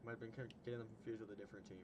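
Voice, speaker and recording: A man's voice: on the low side, level tone, racing, noisy background. A young man hosting a casual livestream, chatting with a guest, laughing often and retelling stories. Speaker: stream host.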